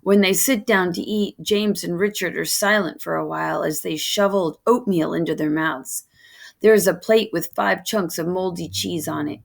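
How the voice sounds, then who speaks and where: A woman reading a children's novel aloud in steady first-person narration. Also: fairly low pitch, moderate pace, creaky. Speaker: reader of a novel.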